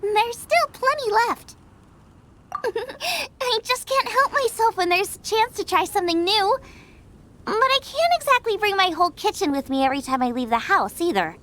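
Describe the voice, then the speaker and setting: A woman's voice: very high voice, normal speed, heavily acted. A woman voicing an eager, food-obsessed young female chef who gets carried away talking about recipes. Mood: excited. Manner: excitable, rambles about recipes. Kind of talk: game cutscene voice acting. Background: game music.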